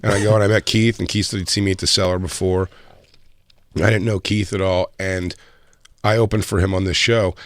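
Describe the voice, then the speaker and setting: A man's voice: deep voice, fairly even intonation, brisk, no room sound. A man who works as a comedian, telling a story about meeting a fellow comic and often laughing and mimicking people in a raised voice. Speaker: comedian co-host. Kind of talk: casual storytelling chat.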